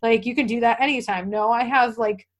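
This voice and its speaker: A woman hosting a podcast interview, talking in a chatty, animated way with quick asides. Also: a little high. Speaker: podcast host. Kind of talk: casual interview chat.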